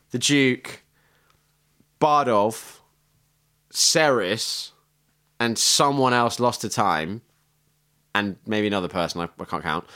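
A man player in a tabletop game podcast, chatting casually in a rambling, halting way and swearing freely. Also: mid-range voice, a bit bright.

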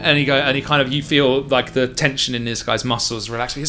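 A man's voice: medium pitch, fairly even intonation, fast talker, hardly any pauses, pushed and bright, faint music behind. A man running a tabletop game as game master, narrating with stammers and giggles.

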